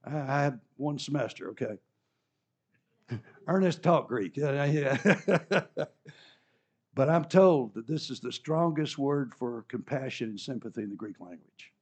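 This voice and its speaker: A man preaching a sermon, retelling a scene vividly and swinging from hushed to loud. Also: mid-range voice, expressive, a little slow, pauses often, slightly rough. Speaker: pastor. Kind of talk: sermon storytelling.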